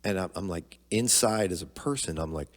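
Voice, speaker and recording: A middle-aged man with a very low voice tells a personal story in a candid, conversational way. He slips into the voices of the people he quotes, and the recording carries a long, lingering reverb. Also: normal speed. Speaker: podcast guest, father of the host.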